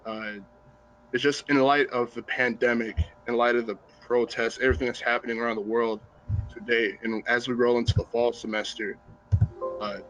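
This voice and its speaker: A man's voice: mid-range voice, fairly bright tone, low-quality recording. A young man hosting a student panel over a video call, introducing guests earnestly and politely. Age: young adult. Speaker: student host. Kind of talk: hosted panel talk.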